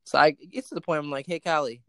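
A man's voice: a little high, fairly even intonation, fast, dry recording. A man hosting a casual chat, telling a personal story with plenty of quoted dialogue.

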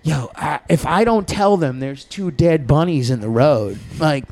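A man's voice: fairly high pitch, lively intonation, measured pace, a little mellow. A man guest on a podcast, telling a long story in a profane, rambling way and laughing as he goes.

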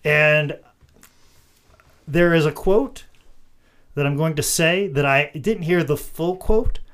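A man hosting a casual podcast, telling a story with lively energy and laughing in the middle of his sentences. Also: a little high, slow. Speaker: podcast host and wrestler.

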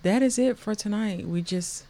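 A man with a somewhat high voice co-hosts a relaxed podcast. He chimes in briefly and cheerfully, agreeing with his partner and wrapping up the show in a friendly tone. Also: normal speed. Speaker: podcast co-host. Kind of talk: casual podcast sign-off chat.

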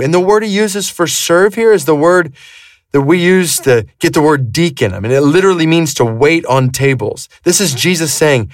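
A man's voice: a little high, expressive, moderate pace, no room sound, distant mic. Earnest man preaching, dry and off mic. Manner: earnest, with emphatic shifts between loud and hushed. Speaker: pastor. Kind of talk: devotional Bible teaching and prayer.

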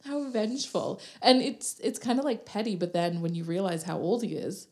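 A woman's voice: mid-range voice, moderate pace, mellow. A young adult woman co-hosting a casual podcast, chatty and giggly with lots of fillers. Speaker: podcast co-host. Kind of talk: casual chat.

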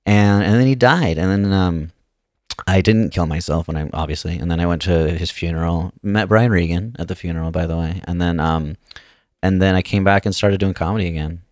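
A man, a guest comedian, telling a long personal story on a podcast in a casual, halting way with many restarts. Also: sits low, no room sound, clean studio sound.

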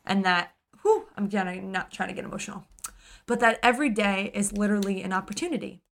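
A woman co-hosting a podcast, retelling a novel in a lively, casual way and acting out the characters. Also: mid-range voice, fast talker, vocal fry. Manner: animated retelling, acts out characters, gets emotional. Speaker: podcast co-host. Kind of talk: casual book discussion.

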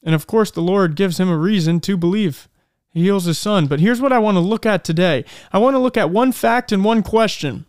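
A man hosting a daily faith-based podcast, speaking earnestly and reflectively, slowing down for emphasis. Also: high-pitched, a little mellow, smooth, dry recording, clean studio sound. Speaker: podcast host. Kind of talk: faith-based motivational talk.

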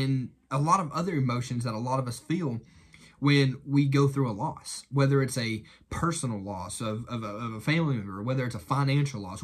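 A man preaching an earnest devotional in a husky, slightly breathy voice at a middling pitch. He builds his points through long runs of repeated phrases. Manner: earnest, repetitive preaching cadence. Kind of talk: devotional talk.

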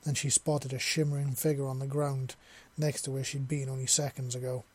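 A man reads a science fiction story aloud in a steady, plain way. His voice is mid-pitched for a man, neither high nor low. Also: fairly quick. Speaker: narrator. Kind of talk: storybook reading.

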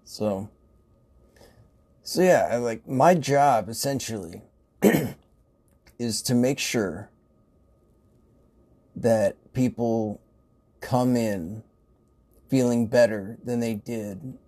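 A man's voice: medium pitch, extremely slow, long pauses, warm tone. A man who works in a grocery store, telling casual stories in a rambling way, swearing and laughing often. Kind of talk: casual storytelling.

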